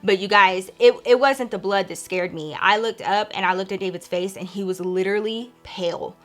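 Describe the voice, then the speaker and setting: A young woman casually telling a spooky personal story to her viewers, animated and acting out the voices of the people in it. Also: mid-range voice, moderate pace, soft background music. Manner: animated, acts out quoted voices, addresses viewers as y'all. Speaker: storytime vlogger.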